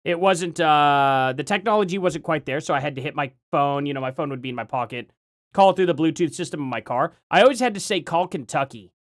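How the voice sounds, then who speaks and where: Lively rambling man on a dry mic. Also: fairly high pitch, fast talker, dry recording. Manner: rambling, chatty, laughs often, reads chat aloud. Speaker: live stream host. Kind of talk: casual live stream chat.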